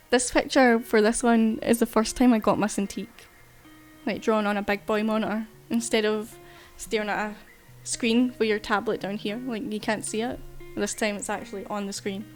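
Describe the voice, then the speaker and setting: A woman's voice: medium pitch, flat delivery, normal speed, faint music behind. A woman artist chatting casually while streaming, rambling and swearing freely. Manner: chatty, loose, swears casually, frequent fillers. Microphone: desk mic while streaming.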